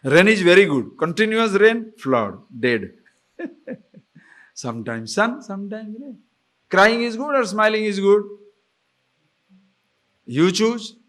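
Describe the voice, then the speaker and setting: A man teaching scripture in a lively, animated way. He laughs often and keeps asking his listeners whether they follow. His voice sits fairly high for a man. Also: takes it slowly, long pauses. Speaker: spiritual teacher. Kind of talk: scripture discourse.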